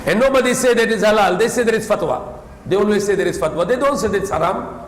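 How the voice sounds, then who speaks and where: High-voiced man preaching in an echoey hall. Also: quick pace. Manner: emphatic, repeats points, non-native English with some Tagalog. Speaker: Islamic preacher. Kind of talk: sermon lecture.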